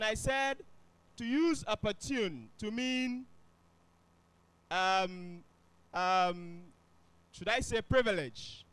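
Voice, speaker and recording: Teacher, male, high voice, dry close sound, keeps checking if the class follows. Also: fairly bright tone, smooth, dry recording. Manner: questions the class often. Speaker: English teacher. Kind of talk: classroom lesson.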